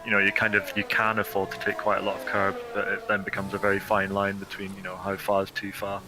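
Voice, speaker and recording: A man's voice: on the low side, completely flat delivery, fast, over music. A man co-commentating an online race, explaining track details and what the drivers are doing. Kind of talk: live sim-racing commentary.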